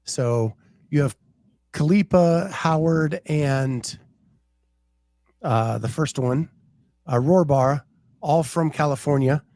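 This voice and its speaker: Male podcast host, slow and easygoing casual chat, mellow tone. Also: on the high side, dry recording. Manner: unhurried, chatty, reads names off a post.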